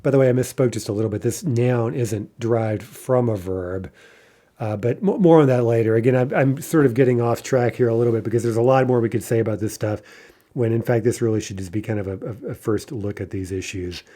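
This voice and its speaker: A man's voice: medium pitch, fairly quick, warm tone. A man teaching a recorded grammar lesson, explaining step by step and checking in with frequent asides and "right?". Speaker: language teacher.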